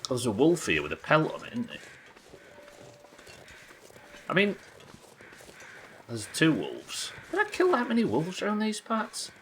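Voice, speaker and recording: A man's voice: fairly high pitch, wildly swooping pitch, measured pace, long pauses, fairly bright tone, a little hiss or hum, poor audio. A man from the United Kingdom chatting and joking casually while streaming a survival game, swearing now and then. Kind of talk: casual gameplay commentary.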